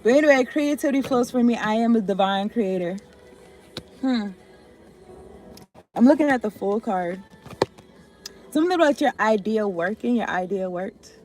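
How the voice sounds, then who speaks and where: A woman's voice: fairly high pitch, animated, moderate pace, pauses often, a little mellow, faint music behind. A woman giving a loose, rambling tarot reading, swearing and often trailing off. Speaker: tarot reader.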